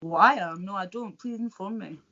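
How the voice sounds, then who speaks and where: A talkative Scottish woman chatting over a video call, her voice sitting at an ordinary middle pitch. The sound is dull and lo-fi, and she rambles along with plenty of "like" and false starts. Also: unhurried, sharp tone. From Scotland. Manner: chatty, rambling, many fillers and restarts. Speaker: co-host. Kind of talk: casual chat.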